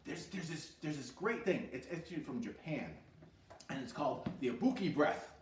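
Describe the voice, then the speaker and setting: A man teaching an e-learning music therapy lesson for children, animated, asking questions and answering them himself, now and then singing short lines. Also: on the high side, normal speed, roomy sound, recorded from a distance, a little hiss or hum.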